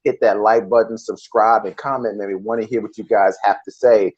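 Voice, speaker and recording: A man co-hosting a podcast, opening the show with relaxed, friendly patter. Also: fairly low pitch, brisk, breathy edge. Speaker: podcast co-host. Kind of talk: casual podcast chat. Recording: dull lo-fi recording.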